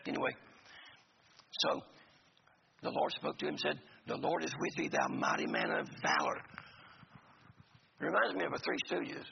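Male pastor, gravelly voice, folksy and joking, dull lo-fi church recording. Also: on the high side, wildly swooping pitch, normal speed, long pauses. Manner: folksy, joking asides to the congregation. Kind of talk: sermon. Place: church sanctuary. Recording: gravelly voice in a reverberant hall, dull lo-fi sound, faint noise.

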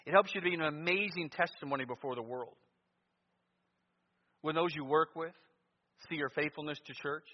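A man preaching a sermon in a church, moving between loud emphatic lines and quiet asides. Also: on the high side, moderate pace, long pauses. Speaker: pastor. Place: church sanctuary. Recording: muffled sound with long church reverb.

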